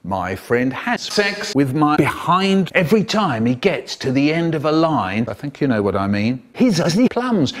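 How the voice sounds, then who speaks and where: A man's voice: on the high side, sing-song, moderate pace, hardly any pauses. A man telling playful children's stories in a comedic spliced edit, acting out characters in different voices. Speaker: storyteller.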